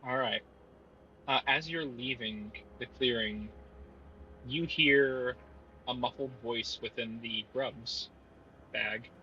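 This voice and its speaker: A man calmly runs a tabletop game, explaining the rules step by step in a bright voice. His recording sounds a bit dull and lo-fi. A faint hum sits in the background. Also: medium pitch, slow, pauses often. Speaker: game master.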